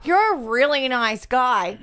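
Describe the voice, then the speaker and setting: A woman's voice: high voice, expressive, slow pace, fairly bright tone. A woman co-hosting a crude comedy podcast, teasing her friends and laughing often. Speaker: podcast co-host.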